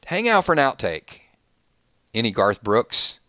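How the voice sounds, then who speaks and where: A man's voice: mid-range voice, big pitch swings, a little slow, pushed and bright, no room sound, clean studio sound. A man from Georgia with a Southern accent, hosting a casual live stream and reading out viewer names in a rambling, friendly way. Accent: Southern American. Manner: chatty, reads viewer names, rambling restarts. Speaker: streamer host.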